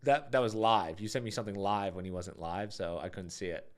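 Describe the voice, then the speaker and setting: A man's voice: lowish voice, fairly even intonation, brisk. Chatty young man hosting a podcast. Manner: chatty, stumbling restarts, laughs often. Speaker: podcast host. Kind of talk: casual chat. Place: ground-floor home.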